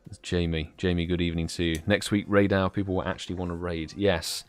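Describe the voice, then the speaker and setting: Hosting a live stream, this young man from the United Kingdom speaks with a British accent, chatting easily and calling out viewers by name. He has a low, steady voice at a fairly quick pace, with faint music in the background.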